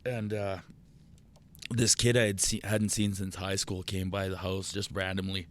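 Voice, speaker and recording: A man, a podcast guest telling profane, animated stories in casual chat. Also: sits low, normal speed. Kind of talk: casual storytelling.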